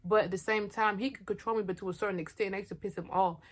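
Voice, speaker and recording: A woman's voice: medium pitch, fairly even intonation, quick pace. A young woman telling a personal story in a storytime vlog, candid and slangy, talking straight to her viewers and poking fun at herself. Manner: blunt and self-mocking. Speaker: vlogger.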